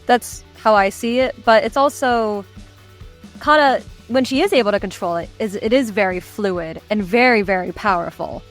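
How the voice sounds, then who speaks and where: A woman talking as a voice actor guest on a podcast, enthusiastic and quick to laugh. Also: mid-range voice, soft background music. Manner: enthusiastic, laughs often, trails off. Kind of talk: casual podcast chat.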